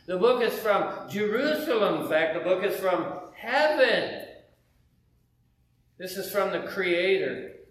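An American man preaches a conversational sermon in a church sanctuary, firing rhetorical questions at the congregation. His high, slightly bright voice moves at a slow pace with lively intonation. The mic is distant, the hall is very echoey, and faint background noise comes through.

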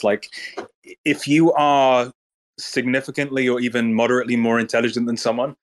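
A man talking in a casual online audio chat, with a blunt and mocking manner and plenty of swearing. His voice sits at an ordinary middle pitch. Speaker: Twitter space speaker.

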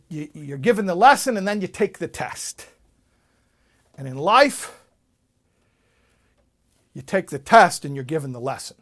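A man speaking as a rabbi, telling a personal story in an animated way and often repeating himself. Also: a little high. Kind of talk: storytelling talk.

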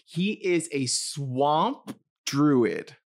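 A man co-hosting a casual podcast chat in a playful, rambling way. His voice sits a bit higher than most men's, and his pitch moves a lot as he jokes. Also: animated, drawn-out words. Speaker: podcast co-host.

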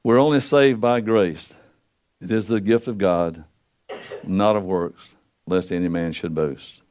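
An older pastor preaching a folksy sermon into a pulpit microphone, swinging between loud and soft. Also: male voice, unhurried. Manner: folksy preaching with wide swings in pitch and loudness.

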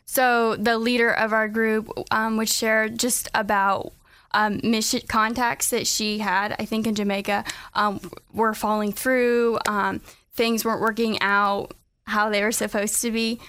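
A young woman guest with a fairly high voice, answering earnestly and haltingly with lots of ums. She is on a close, dry studio mic. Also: flat delivery, a bit bright, clean tone, dry recording. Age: young adult. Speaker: guest, student back from a mission trip. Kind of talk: casual radio interview. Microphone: studio microphone.

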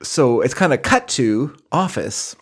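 A man's voice: medium pitch, lively intonation, a little slow, slightly rough. A middle-aged man co-hosting a film podcast, recapping the plot in a rambling, casual way with many restarts. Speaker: podcast co-host.

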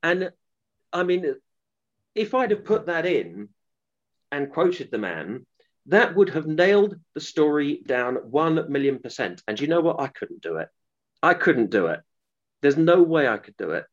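A man's voice: fairly high pitch, sing-song, measured pace, highs cut off. A man being interviewed as an author, telling a long story earnestly, with restarts and fillers. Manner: earnest, rambling with restarts and acted quotes. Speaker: author guest.

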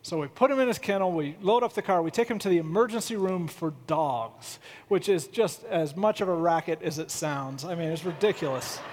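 A man with a high voice preaches in an easy, chatty way, slipping into funny storytelling. His words carry the long reverb of a large church hall. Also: brisk, a little mellow. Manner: conversational, humorous storytelling. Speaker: pastor. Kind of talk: sermon.

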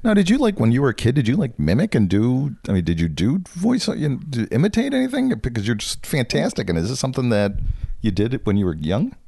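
A man's voice: mid-range voice, huge pitch swings, quick pace, gravelly, warm tone, slightly rough, no echo, clean studio sound. A middle-aged man interviewing a guest in a chatty, joking way, full of fillers and restarts. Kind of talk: casual interview chat.

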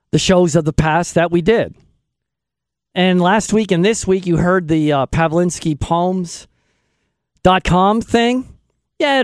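A man's voice: sits high, darkish tone, dry recording, clean studio sound. A man hosting a talk podcast, rambling in a folksy, casual way. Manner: rambling, folksy, plugs products. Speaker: podcast host. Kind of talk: casual talk show monologue.

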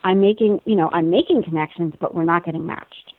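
A woman in her thirties tells a personal story in lively conversation, laughing and acting out what others said. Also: lowish voice, fairly quick. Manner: animated, laughing, acts out quoted voices. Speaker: guest telling a personal story. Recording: tinny phone-like sound.

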